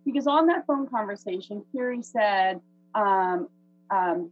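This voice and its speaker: A woman's voice: medium pitch, lively intonation, measured pace, dry recording. A woman chatting casually as she introduces the evening's speaker on a video call. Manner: chatty, with many fillers. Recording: phone-like dry husky audio.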